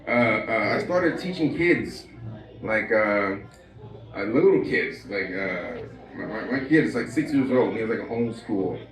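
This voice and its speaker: On a small club stage, a young stand-up comic works an open mic, talking loosely and rambling with lots of fillers while laughing at his own lines. His fairly low voice has lively intonation and a measured pace, heard from a distance in an echoey room with soft background music.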